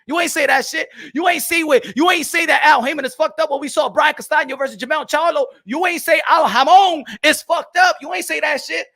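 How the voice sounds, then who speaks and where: A man ranting in a loud, profane, mocking commentary on boxing, now and then switching into Spanish phrases. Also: very high-pitched, brisk, gravelly, few pauses.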